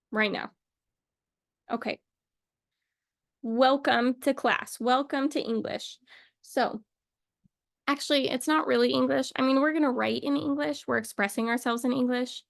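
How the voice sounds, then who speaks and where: A woman talking in a playful, rambling way, thinking out loud as she runs a casual mock lesson. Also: high-pitched, unhurried, creaky, long pauses, no room sound, clean studio sound. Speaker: video creator.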